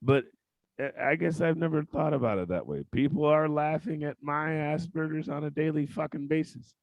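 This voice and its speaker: A man hosting a podcast interview, blunt and outspoken, swearing often and breaking into loud outbursts. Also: a little high, normal speed, dry recording, lo-fi sound. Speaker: podcast host. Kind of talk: casual interview chat.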